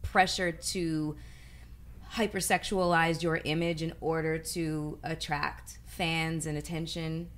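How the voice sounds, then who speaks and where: A woman's voice: deep voice, flat delivery, takes it slowly, slight background noise. A woman co-host asking thoughtful, hesitant questions in a casual interview.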